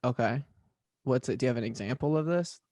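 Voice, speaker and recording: A man's voice: mid-range voice, fairly quick, a little mellow, dry recording. A man co-hosting a podcast, chatting casually and teasing his friend with dry quips. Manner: wry, teasing interjections. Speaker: podcast co-host. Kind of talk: casual chat.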